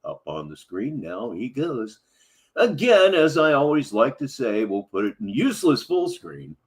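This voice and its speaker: A man's voice: medium pitch, very animated, a little slow. Guy doing a sarcastic livestream commentary, voice going up and down a lot. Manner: sardonic, mocking asides. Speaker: livestream host. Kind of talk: casual commentary over a played clip.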